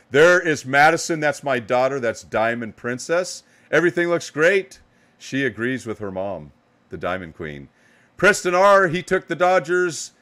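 A middle-aged man hosting a live card-opening stream, giving upbeat, hyped shout-outs to chat viewers while a little tired. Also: fairly low pitch. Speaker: live card-break host.

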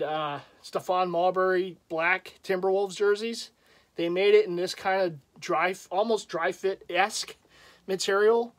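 A man casually showing off his collection in a rambling, self-deprecating vlog, chuckling often. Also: sits high. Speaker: jersey collector vlogger. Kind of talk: casual show-and-tell vlog.

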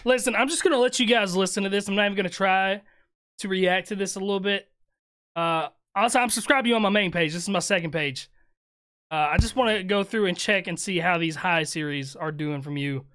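High-voiced casual male streamer. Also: a little fast, fairly bright tone, clean tone. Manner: laid-back, joking, slangy, trails off and restarts. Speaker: streamer reacting to music. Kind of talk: casual live-stream chat.

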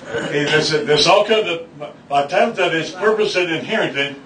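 A man preaching with fervor in a church. His voice sits high and is heard from a distance in a roomy, echoing sanctuary, and he builds often to shouts. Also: expressive, normal speed. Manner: emphatic, rising to shouts, acting out quoted voices. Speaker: pastor. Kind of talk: preaching a sermon with congregation responses. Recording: echoey church from far off.

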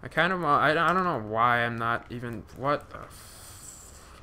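A man's voice: mid-range voice, lively intonation, brisk, pushed and bright, clear, resonant tone. A young man giving live gameplay commentary, rambling with many fillers and restarts, swearing when startled. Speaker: gaming commentator.

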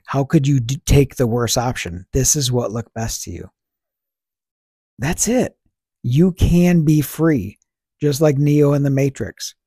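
A man's voice: medium pitch, mellow, breathy edge, dry recording, studio quality. A man hosting a podcast, talking through ideas in a casual, reflective monologue, posing rhetorical questions and answering them himself. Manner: conversational, fillers like "you know" and "right". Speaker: podcast host.

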